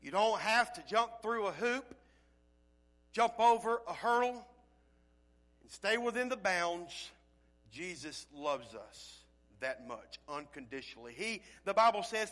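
A male pastor preaching a sermon with folksy phrasing, swinging from loud calls to quiet, low passages. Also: unhurried.

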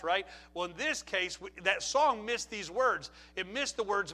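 A man preaching a sermon, animated, acting out the people in his stories and shouting some lines for emphasis. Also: sits high, measured pace, hardly any pauses. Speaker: pastor.

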